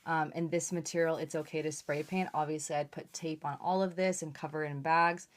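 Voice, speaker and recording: A woman's voice: low-pitched, fairly even intonation, brisk. A young woman hosting a live unboxing stream, chatting casually, gushing and swearing freely. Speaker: livestream host.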